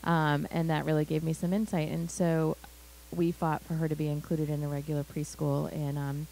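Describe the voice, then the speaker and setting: Low, mellow-voiced earnest woman. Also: level tone, normal speed, creaky, slight background noise, poor audio. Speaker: parent panelist. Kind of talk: live panel discussion.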